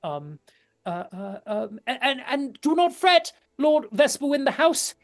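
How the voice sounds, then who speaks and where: A woman's voice: high voice, very animated, measured pace, voice pushed up. A woman voicing a flustered noble lady hostess who stammers through fussy, polite speech in a tabletop role-play. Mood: reassuring.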